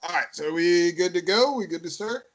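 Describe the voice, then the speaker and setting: Animated storytelling male podcast host. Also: high-pitched, normal speed. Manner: animated storyteller, acts out quotes. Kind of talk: casual chat.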